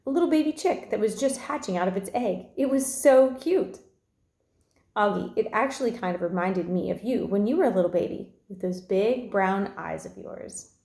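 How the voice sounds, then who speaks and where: Woman voicing a gentle, patient mom, storybook read-aloud, slightly raised, echoey room. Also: medium pitch, expressive, moderate pace, lightly acted. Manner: gentle and persuasive. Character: gentle, patient mother coaxing her son.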